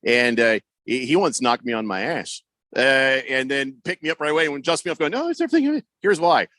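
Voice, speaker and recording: A man in his fifties co-hosting a sports talk radio show, telling stories in a lively way and putting on voices for the people he quotes. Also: medium pitch, moderate pace, dry recording. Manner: animated storyteller, does voices of people he quotes. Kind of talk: casual sports radio banter. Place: radio studio. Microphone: close studio mic. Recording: dry close studio sound.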